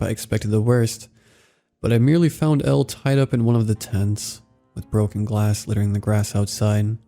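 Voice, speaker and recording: A man reading a first-person horror story in a steady, somber narration. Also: lowish voice.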